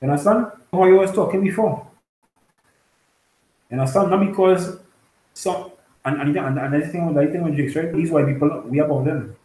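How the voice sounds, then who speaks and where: A man in a casual religious group discussion, telling a story haltingly with many fillers and frequent check-ins with his listeners. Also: a little high, dark tone, roomy sound, low-quality recording. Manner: halting storytelling, many fillers, keeps asking "you understand?". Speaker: discussion participant.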